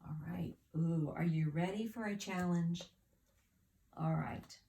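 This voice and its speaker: A low, gravelly woman's voice teaching children to read, sounding out each word in slow, careful steps. Her tone is dark and mellow, with faint room noise behind her. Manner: slow, clear word-by-word spelling with claps and sounding out. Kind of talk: children's phonics lesson.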